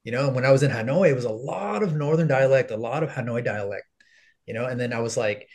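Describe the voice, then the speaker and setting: A young man from the States talks casually as a podcast guest, with plenty of "you know" and "like" between his points. He laughs easily as he tells his stories. His pitch sits in an ordinary middle range for a man. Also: fast talker, darkish tone. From United States. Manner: chatty, filler-heavy, laughs often. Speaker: podcast guest, content creator. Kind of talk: casual interview conversation.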